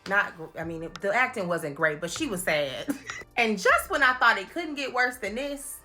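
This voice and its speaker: A woman recapping movies in a playful, animated comedic commentary, laughing often and slipping into quick impressions. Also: medium pitch, music in the background. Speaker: commentary host.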